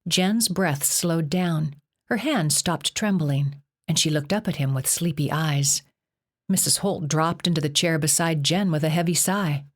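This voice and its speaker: A woman narrating an audiobook in a steady, measured way. Her voice is low and deep for a woman. The reading stays even from line to line. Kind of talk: scripted narration.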